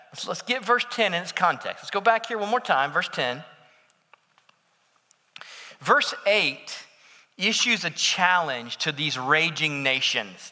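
Male pastor, sermon delivery, bright tense tone, slow deliberate pace, dynamic swings to near-whisper, long hall reverb. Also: high-pitched. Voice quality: dramatic shifts between loud declaration and soft near-whisper.

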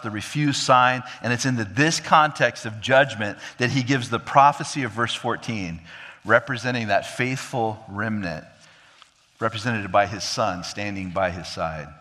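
A man preaching an expository sermon, swinging from emphatic high peaks to low, quiet drops and acting out quoted dialogue. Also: measured pace, big-room sound. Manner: acts out quoted dialogue of God and king. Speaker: pastor.

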